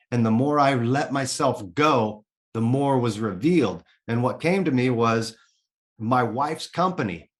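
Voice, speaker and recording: A middle-aged man from the Kansas City area speaks as a guest in a casual interview. His voice sits at a medium pitch, and he tells his own story with animated energy, swearing freely and acting out his own thoughts as he goes.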